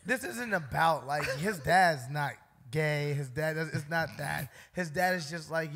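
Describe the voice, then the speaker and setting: Bright-voiced loud laughing man. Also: fairly high pitch, a little slow, few pauses. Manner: loud, laughing, argumentative, profane. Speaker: podcast co-host. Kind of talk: casual chat.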